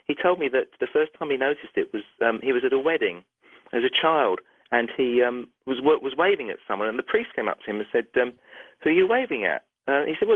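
A middle-aged man, a doctor, telling a story in a phone interview, animated and restarting sentences often. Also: fairly high pitch, no room sound. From United Kingdom. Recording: tinny dry phone line.

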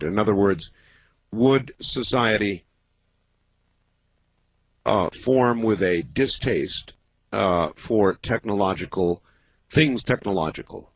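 A man hosting a late-night call-in radio show, talking in a measured, halting way with many pauses. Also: low-pitched, husky, no room sound. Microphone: studio microphone.

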